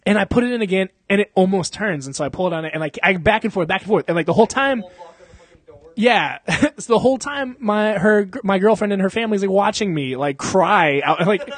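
A young man telling a long story in casual chat, animated and full of swearing and laughter. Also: sits high, moderate pace.

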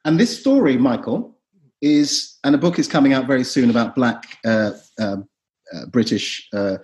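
A middle-aged man, an actor and writer, talking as a podcast guest in an animated, theatrical way. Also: medium pitch, moderate pace. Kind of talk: podcast discussion.

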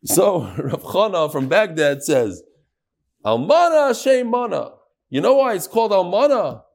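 A man's voice: fairly high pitch, big pitch swings, normal speed. A man teaching a Talmud class, reading the text in a sing-song lilt and questioning his students.

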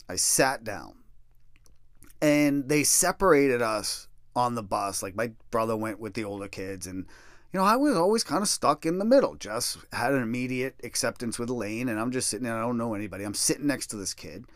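Animated, profane man telling a story. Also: on the low side, no room sound, studio quality. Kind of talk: casual personal storytelling.

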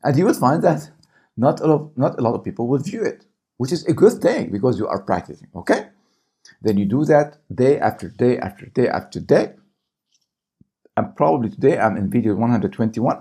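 In his vlog, a man who runs a small business YouTube channel offers coaching advice, regularly checking in with "okay?" and "right?". The voice is on the low side, dark and husky.

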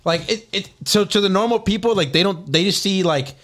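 A man's voice: sits high, brisk, a bit bright. A man chatting bluntly on a podcast, swearing a lot and using many fillers. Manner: blunt and profane, lots of fillers. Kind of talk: casual podcast chat.

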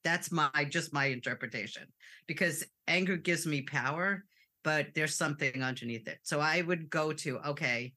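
A woman's voice: low voice, moderate pace. A woman clinician explaining in a candid, personal way, in a casual talk. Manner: candid, personal, animated with laughs. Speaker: clinician and co-host.

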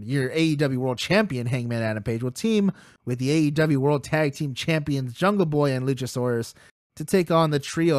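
Fired-up podcast guy, cussing and laughing thru his recap, kinda high voice, dead dry mic. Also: no echo. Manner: excitable, profane, laughs while telling stories. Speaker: podcast co-host. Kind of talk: casual wrestling podcast chat.

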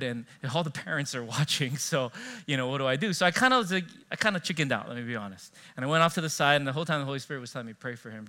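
A man preaching a sermon as pastor, telling personal stories in an animated way and acting out the dialogue. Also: mid-range voice. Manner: animated storytelling, acting out dialogue, frequent laughs.

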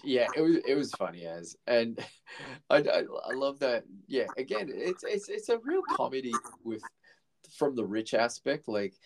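A man's voice: medium pitch, sing-song, moderate pace. A man co-hosting a podcast, chatting casually about a film, swearing a lot and rambling through restarts. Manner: laid-back, heavy swearing, rambling restarts. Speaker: podcast co-host. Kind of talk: casual movie chat.

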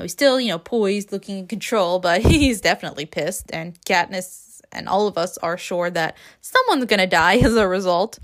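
A woman's voice: medium pitch, a bit bright. A woman hosting a podcast, recapping a book in a casual, rambling way with sarcastic asides and frequent laughs. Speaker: podcast host.

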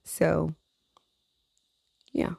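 A woman's voice: extremely slow, mellow, dry recording, studio quality. A tired woman venting in a casual chat, blunt and profane, rambling with frequent laughs. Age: adult with a teenage niece. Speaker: vlogger.

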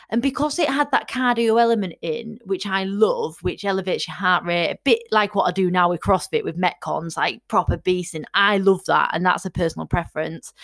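A woman's voice: lowish voice, a bit bright. A woman, chatty and enthusiastic, casually telling her personal fitness story to her followers. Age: 30s. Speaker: fitness vlogger.

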